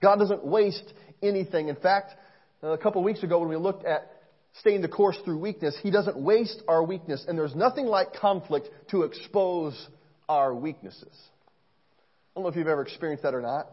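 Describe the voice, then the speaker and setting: A man preaching a sermon in an earnest, storytelling way, swinging between soft asides and loud emphasis. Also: on the high side, normal speed, highs cut off. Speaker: pastor.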